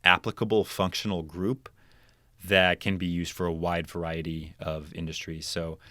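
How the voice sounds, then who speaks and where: A young man with a very low voice walks through his research in a relaxed interview. He explains in a loose way, full of ums and likes. The recording is close and dry. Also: normal speed, dry recording. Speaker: podcast guest, chemical engineer. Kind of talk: casual interview talk.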